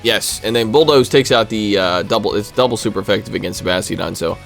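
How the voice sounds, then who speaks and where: A man casually commentating on a video game battle, reacting aloud to each move with quick bursts of excitement. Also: fairly low pitch, creaky, faint music behind. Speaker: gaming commentator.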